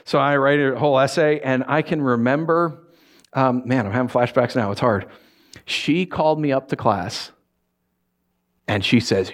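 A man preaching a sermon, reading scripture and telling stories with lively, acted-out voices. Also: mid-range voice, normal speed. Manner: animated storytelling with acted-out voices.

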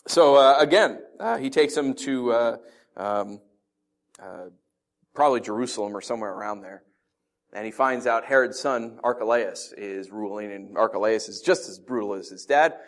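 This pastor has a lowish voice and speaks at a moderate pace. His sermon is conversational and animated, built on stories and rhetorical questions to his listeners.

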